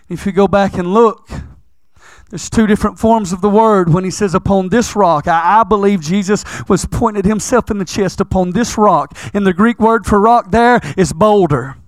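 A man preaching a sermon to his church, emphatic and repetitive, swinging between loud declarations and hushed phrases. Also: high voice, moderate pace, dry recording.

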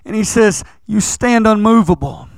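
A man preaching a sermon to his church, emphatic and repetitive, swinging between loud declarations and hushed phrases. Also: sits high, moderate pace, dry recording.

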